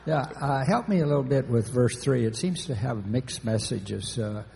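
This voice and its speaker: Gravelly guy asking about a verse, lots of uhs, pauses, echoey hall. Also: mid-range voice, warm tone, a little hiss or hum. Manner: halting, full of hesitations. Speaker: congregant asking a question. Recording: long hall reverb.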